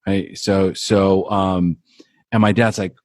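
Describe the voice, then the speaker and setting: A man's voice: low-pitched, level tone, slow pace, no echo. Guy telling his own story on a podcast, earnest, repeats himself, dry close mic. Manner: earnest, repeats words while building a story. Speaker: podcast guest, life coach. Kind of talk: personal storytelling.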